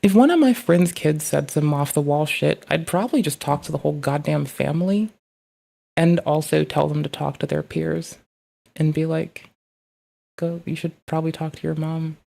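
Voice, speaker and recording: Gravelly low-voiced woman streamer, blunt. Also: normal speed, warm tone. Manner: blunt, profane, rambling. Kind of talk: casual chat reacting to clips.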